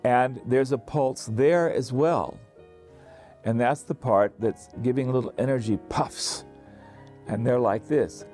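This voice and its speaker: A man teaching singing, explaining calmly to camera with many restarts and short sung demonstrations. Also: medium pitch, slow, soft background music. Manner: relaxed, thinking aloud with restarts and sung demonstrations.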